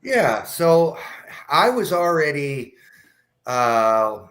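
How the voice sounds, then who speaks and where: A man's voice: sing-song, very slow, a bit bright. A middle-aged man, a radio show guest, telling a personal story in a blunt, candid way, swearing freely. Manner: candid and blunt, swears, acts out dialogue with rising pitch. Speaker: guest, cannabis patient advocate.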